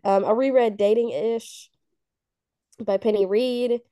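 A woman's voice: fairly high pitch, steady tone, slow, mellow, no echo, studio quality. A woman co-hosting a podcast in casual chat, rambling and searching for words as she talks. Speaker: podcast co-host.

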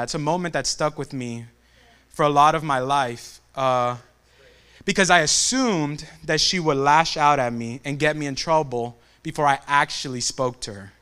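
Bright-voiced young man telling a story. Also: on the high side, moderate pace, clean tone. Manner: animated storyteller who acts out family quotes. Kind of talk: devotional talk with a personal story.

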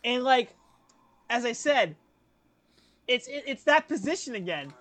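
Young man telling a story, animated. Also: extremely high pitch, unhurried, dry recording. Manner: animated, acts out quoted voices, laughs often. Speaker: podcast co-host. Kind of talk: casual storytelling chat.

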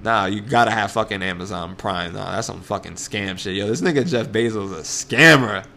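A man's voice: lowish voice, brisk, vocal fry, sharp tone, slight background noise. A young man with a New York accent chatting casually on a podcast, loose and profane, laughing often. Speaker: podcast co-host. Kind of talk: casual chat.

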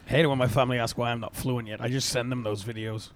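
Man, mid pitch, jokey podcast chat, imitates voices. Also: steady tone, fast talker, a little hiss or hum. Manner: joking, mimics voices. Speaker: podcast co-host. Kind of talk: casual chat.

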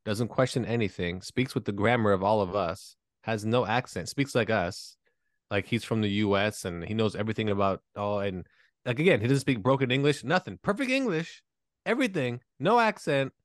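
A man's voice: fairly low pitch, a little fast, no echo, studio quality. A man hosting a podcast in casual chat, blunt and profane, joking with his co-hosts. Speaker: podcast host.

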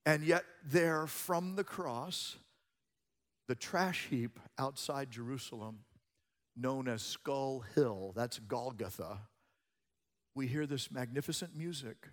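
A man preaching a sermon as a pastor, moving between hushed passages and loud, emphatic ones. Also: mid-range voice, slow, long reverb tail.

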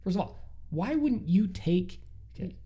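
A man's voice: sits high, big pitch swings, unhurried, warm tone, breathy edge. A man co-hosting a casual podcast, retelling listener stories with incredulous animation. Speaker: podcast co-host.

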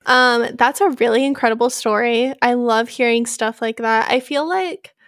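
A woman's voice: on the high side, moderate pace, fairly bright tone, dry recording, studio quality. A woman co-hosting a podcast in casual chat, reacting eagerly and sharing her own view. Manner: attentive listener, reacting with short exclamations. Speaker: podcast co-host.

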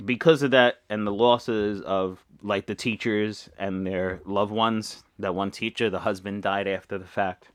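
A man's voice: fairly low pitch, fairly even intonation, a little slow, hardly any pauses, clear, resonant tone, dry recording, studio quality. A man hosting a podcast, a father talking in an earnest, rambling and emotional way in a casual monologue. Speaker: podcast host.

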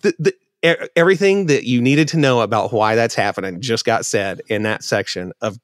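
A man co-hosting a podcast in casual chat, sarcastic and animated when telling a story. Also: mid-range voice, brisk, dry recording, studio quality. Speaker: podcast co-host.

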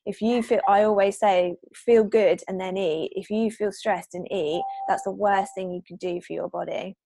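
A woman's voice: medium pitch, steady tone, normal speed, gravelly, warm tone, no echo. Confident woman guest, dry close sound. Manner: confident, explanatory, emphatic. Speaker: podcast guest. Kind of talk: casual podcast conversation.

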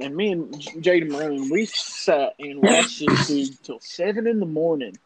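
Young man, slightly high voice, profane rambling anecdote, noisy casual recording. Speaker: storyteller. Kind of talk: casual storytelling among friends.

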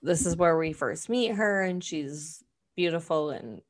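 A woman's voice: sits low, lively intonation, measured pace. A young woman chatting casually on a podcast, recapping a show and peppering her talk with "like" and swearing. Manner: rambling, heavy on "like", swears freely.

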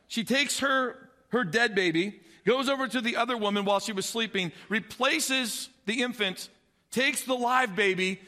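Bright high-voiced male preacher. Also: in a large hall. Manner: animated, conversational, swings loud and soft. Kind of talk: sermon storytelling.

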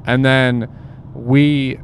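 A young man tells a crude story in a loose, rambling way, filling every pause with "like" and "bro". His voice sits at an ordinary pitch for a man. A faint vehicle rumble runs underneath. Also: level tone. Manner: rambling, filler-heavy, says "like" and "bro" constantly.

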